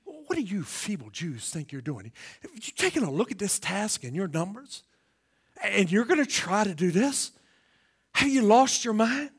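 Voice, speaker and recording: A pastor acting out a scornful ancient governor who fires sneering, taunting questions at a band of builders. The voice sits high for a man, and he mocks them as feeble and few in a sermon retelling. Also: big pitch swings, moderate pace, creaky, breathy edge, full character voice. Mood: mocking.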